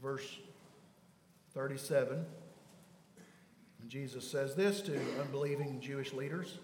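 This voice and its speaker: A man preaching a sermon as pastor, emphatic, swinging between loud declarations and hushed lines. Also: mid-range voice, unhurried, long pauses. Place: church sanctuary. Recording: echoey church hall.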